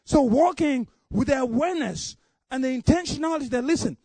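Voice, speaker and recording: A man from Africa preaches with a strikingly high voice and fervent, rising delivery. He builds repeated refrains into near shouts, then eases down to a quieter storytelling tone. The recording is dry and close. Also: animated, a little fast, breathy edge, dry recording. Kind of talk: sermon.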